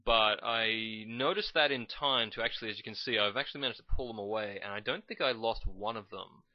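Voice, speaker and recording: Man, low voice, casual rambling gameplay commentary, dry and lo-fi. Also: a little fast, dry recording. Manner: rambling, casual, self-correcting. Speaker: gamer commentating his match. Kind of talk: let's play commentary. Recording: dull lo-fi recording.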